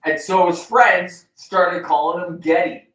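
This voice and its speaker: Speaking at a measured pace, this co-host has a high, slightly bright voice with a fairly flat intonation. He meanders through a casual chat show, full of filler words and relaxed cursing. The video-call audio sounds roomy, as if he's sitting well back from the microphone.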